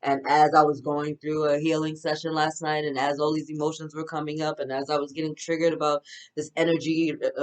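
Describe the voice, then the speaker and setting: A woman's voice: deep voice, fairly bright tone, poor audio. A woman reading oracle cards, giving a casual spiritual pep talk in an enthusiastic, affirming, chatty way. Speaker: spiritual card reader.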